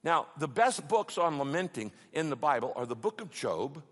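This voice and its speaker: A man's voice: on the high side, very animated, moderate pace, fairly bright tone. A man preaching a sermon, animatedly acting out complaining prayers with rising emphasis. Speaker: pastor. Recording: long hall reverb.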